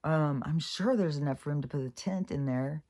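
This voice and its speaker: A woman talking through her thoughts in a casual spoken reflection, halting and rambling, with frequent restarts and swearing. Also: low-pitched, dark tone. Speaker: vlogger.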